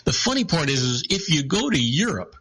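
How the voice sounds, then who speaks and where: A man's voice: on the high side, fairly quick, slightly rough, rough recording. Storytelling man on a talk show. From California. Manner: storytelling, animated, laughs often. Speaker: radio talk show host. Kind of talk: casual radio talk show chat.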